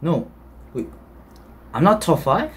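Dramatic young man, very high voice. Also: sing-song, slow. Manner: dramatic, swears, begs and whines. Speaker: co-player. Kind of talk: casual gaming chat.

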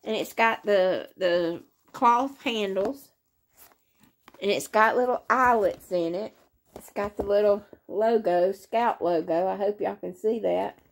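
A woman's voice: mid-range voice, takes it slowly, creaky. An older woman, chatting casually to her viewers from her living room in a rambling, sleepy way. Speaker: crochet vlogger. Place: living room, in a hospital bed.

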